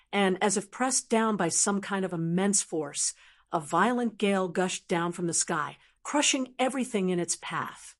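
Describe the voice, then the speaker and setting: A woman reading a fantasy web novel aloud as an audiobook narrator, in an even, unhurried storytelling manner. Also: mid-range voice.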